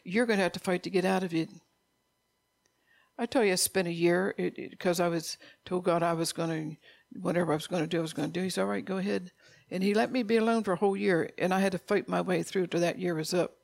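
Middle-aged preacher with a rough, fry-laden voice, informal sermon, repetitive and scolding. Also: medium pitch, steady tone, fast, no room sound.

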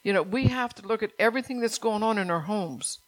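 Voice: mid-range voice, a little fast. A pastor preaching a stern, urgent sermon, repeating phrases and firing rhetorical questions at the congregation.

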